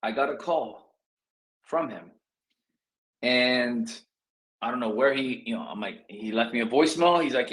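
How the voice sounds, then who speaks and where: A man coaching real estate students in a casual talk, acting out phone calls in quick asides. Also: medium pitch, fairly bright tone, poor audio.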